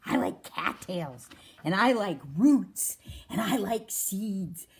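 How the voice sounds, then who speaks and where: A woman voicing a gentle, squeamish young male muskrat in a children's storybook reading. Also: medium pitch, animated, slow pace, slightly rough, full character voice. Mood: earnest. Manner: friendly, fussy about food.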